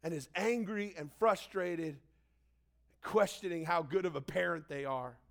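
High-voiced man preaching a sermon. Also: measured pace, vocal fry. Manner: animated storytelling, shouting quoted lines. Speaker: pastor.

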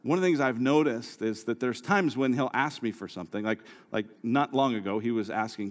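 A male pastor preaching a sermon who moves from quiet storytelling to raised, urgent exhortation. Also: medium pitch, a little fast, hardly any pauses. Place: church hall. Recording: live sermon with long hall reverb.

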